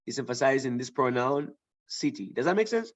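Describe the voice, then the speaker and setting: A man's voice: medium pitch, animated, fairly quick, low-quality recording. A man teaching a writing lesson, thinking aloud with fillers and restarts and often checking in with the class. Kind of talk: online grammar lesson.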